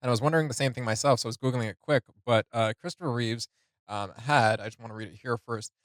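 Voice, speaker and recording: A man's voice: mid-range voice, fast talker, no room sound. Guy doing a chill reaction vid, lots of ums and laughs, dry close sound. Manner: chatty, laughs often, reads notes aloud with many fillers. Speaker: reaction video host. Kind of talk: casual reaction commentary.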